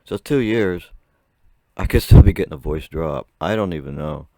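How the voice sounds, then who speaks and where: A man's voice: low-pitched, expressive, moderate pace, warm tone, dry recording. A young man whose voice still cracks, telling a rambling story to camera with frequent laughs. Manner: chatty, rambling, laughs often. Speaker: vlogger.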